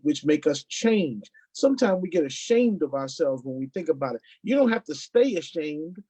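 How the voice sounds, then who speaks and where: High-voiced guy, husky, folksy preachy comments. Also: mellow. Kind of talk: casual commentary.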